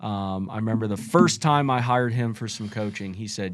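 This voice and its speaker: A man's voice: on the low side, normal speed, hardly any pauses, no echo. Man talking sales on a podcast. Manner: animated, shifts tone up and down to make a point. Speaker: podcast co-host. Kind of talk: casual podcast chat about sales. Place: studio.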